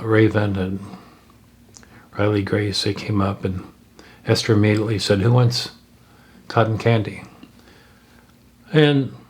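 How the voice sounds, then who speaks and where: A man telling a story aloud, unscripted, in a halting way with pauses and restarts. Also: lowish voice, breathy edge. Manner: halting, with frequent fillers and restarts.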